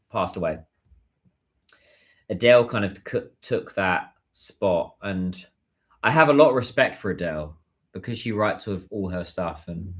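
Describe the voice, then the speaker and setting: A British man hosts a relaxed livestream, reading messages from viewers and answering them as he goes. His voice sits low, but his pitch swings widely and sounds animated. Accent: British English. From United Kingdom. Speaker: livestream host. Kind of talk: casual livestream chat.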